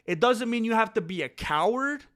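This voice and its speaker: A man hosting a casual commentary channel, telling an animated story with frequent restarts, laughing and acting out other people's lines. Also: high-pitched, normal speed. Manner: animated storytelling, acts out quotes in shouty voices. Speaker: channel host.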